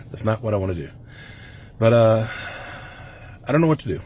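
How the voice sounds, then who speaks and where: A middle-aged man speaks straight to his camera in an earnest, rambling way, his voice tight as he holds back tears. His voice sits on the low side. A faint hum of room ambience runs underneath. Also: big pitch swings, normal speed, darkish tone. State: emotional, holding back tears. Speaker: vlogger. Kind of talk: personal emotional vlog. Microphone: camera mic.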